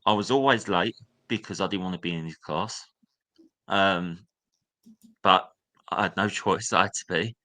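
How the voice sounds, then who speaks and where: A young man recounts his schooldays in a candid, storytelling way. His voice sits fairly low but sounds bright and forward. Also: a little slow, pauses often. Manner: candid, reliving memories, acts out a teacher's sneering voice. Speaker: guest. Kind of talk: personal storytelling.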